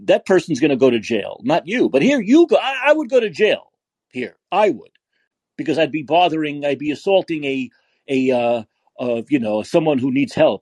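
A man's voice: medium pitch, darkish tone, husky, no room sound. A man from New York hosting a call-in podcast, ranting and profane, often repeating himself as he restarts sentences. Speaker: podcast host. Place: San Francisco.

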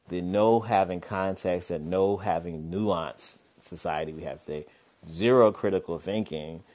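A man co-hosting a podcast in casual chat, animated and laughing often, slipping into playful voices. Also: low voice. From Philadelphia. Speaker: podcast co-host.

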